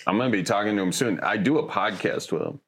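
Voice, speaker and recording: A young man co-hosting a comedy podcast, teasing his friend with quick, playful jokes. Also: lowish voice, a bit bright, slightly rough. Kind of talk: casual comedic chat.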